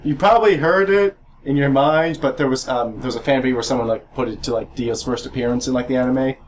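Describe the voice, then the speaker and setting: A man co-hosting a casual podcast, talking fast and hyped about a favorite series. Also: medium pitch, slight background noise. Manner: excitable, hyped fan talk. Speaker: podcast co-host. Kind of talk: casual chat.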